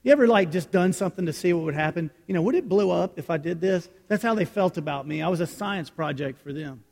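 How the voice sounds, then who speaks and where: A male pastor with a fairly high voice delivers a storytelling sermon. He swings from raised, excited lines down to quiet, hushed asides. His voice rings with the long reverb of a church hall. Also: fast talker.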